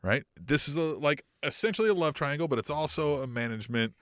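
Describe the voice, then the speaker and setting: A man's voice: a little high, fast, no echo, studio quality. A man co-hosting a casual wrestling talk podcast, swearing freely, laughing and acting out quoted lines. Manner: animated, swearing, laughs a lot, acts out quotes. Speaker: co-host.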